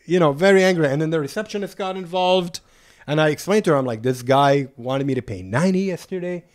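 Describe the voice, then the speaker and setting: A man telling a travel story on a podcast in a casual, animated way, swearing freely and acting out what people said. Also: fairly high pitch, fast. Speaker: podcast guest.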